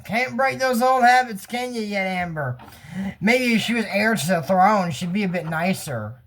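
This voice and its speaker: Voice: medium pitch, a bit bright. A YouTuber from the United States reviewing a cartoon episode in casual, rambling commentary that drifts off on tangents and chuckles often.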